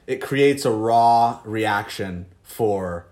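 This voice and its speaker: A young man co-hosting a casual podcast, excitable and quick to laugh, with casual swearing. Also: lowish voice. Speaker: podcast co-host. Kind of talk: casual chat.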